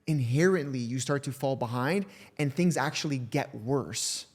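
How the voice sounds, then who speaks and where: A man's voice: mid-range voice, normal speed. Casual man hosting a podcast. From Canada. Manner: casual, fills with "like" and "right?".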